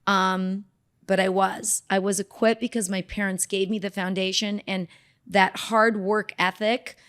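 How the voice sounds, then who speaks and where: A middle-aged woman from Southern California, a dermatologist guest telling her life story in a casual interview, animated and acting out the voices of people she quotes. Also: mid-range voice, measured pace, smooth.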